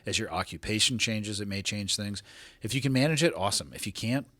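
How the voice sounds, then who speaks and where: A male podcast host talks quickly in a husky, slightly low voice. He is blunt and opinionated, and the recording is dry and close. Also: fairly bright tone, dry recording. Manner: direct, opinionated, quick to comment. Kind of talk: casual interview chat.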